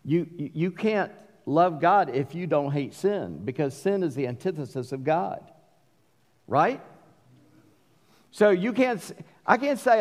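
A middle-aged man with a Southern accent preaching a sermon, mixing forceful emphatic bursts with folksy asides. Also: on the high side, very animated, measured pace. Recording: long hall reverb.

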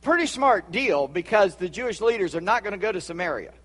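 Southern pastor preaching in a hall. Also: male voice, sits high, sing-song, fairly quick, fairly bright tone, slightly rough. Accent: Charleston Southern US. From Charleston, South Carolina. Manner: conversational preaching with asides and laughter. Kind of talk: sermon.

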